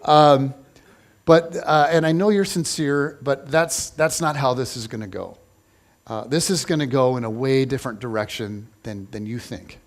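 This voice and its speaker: A man voicing a gentle, patient male teacher who reassures his friends in a casual, soothing way. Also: high-pitched, big pitch swings, normal speed, pitched above the performer's own voice.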